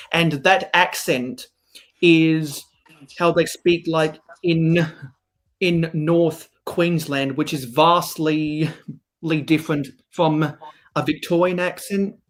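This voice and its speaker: Slow, hesitant South Australian man. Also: a little high, fairly even intonation, fairly bright tone. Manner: hesitant, full of ums and restarts. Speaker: community guest. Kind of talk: casual stream chat.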